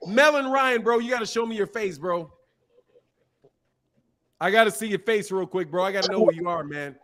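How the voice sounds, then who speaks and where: Male call-in host, high-pitched, casual and slangy, quick to laugh. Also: animated, a bit bright. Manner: loose, slangy, laughs often. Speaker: show host taking callers.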